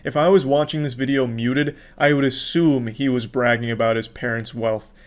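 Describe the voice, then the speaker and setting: A man's voice: medium pitch, steady tone, moderate pace. Sarcastic, swearing male commentator. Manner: sarcastic, profane. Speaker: commentary host. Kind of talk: casual video commentary.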